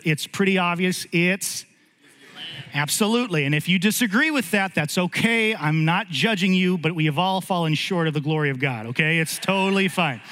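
A man in his thirties preaching to a congregation, his slightly high voice carrying a long reverberant tail through the hall. He tells stories with lively energy, then sinks into a low, slow, earnest delivery for the spiritual point. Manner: animated storytelling, voice jumps high for acted quotes, drops low and slow when earnest. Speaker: pastor. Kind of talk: sermon. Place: church sanctuary.

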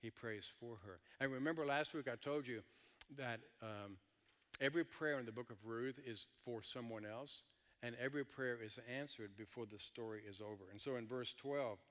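A man's voice: medium pitch, moderate pace, fairly bright tone, big-room sound. A male pastor preaching a sermon, dropping joking asides to the congregation.

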